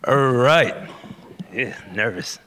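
A man's voice: mid-range voice, animated, takes it slowly, sharp tone, slight background noise. A man telling a personal story to a live audience in a casual, conversational way, acting out dialogue and using many fillers.

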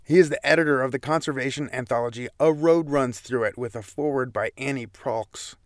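A male host reading a steady, scripted closing announcement. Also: medium pitch, brisk, no echo, studio quality. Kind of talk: scripted outro.

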